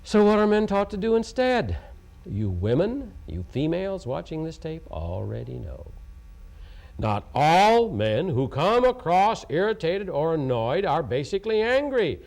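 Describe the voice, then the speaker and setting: A man from Oklahoma lectures on tape, emphatic and repetitive and full of rhetorical questions. His voice is gravelly. His pitch swings widely. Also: wildly swooping pitch, measured pace, darkish tone. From Oklahoma, USA. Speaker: lecturer on communication. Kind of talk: taped educational lecture.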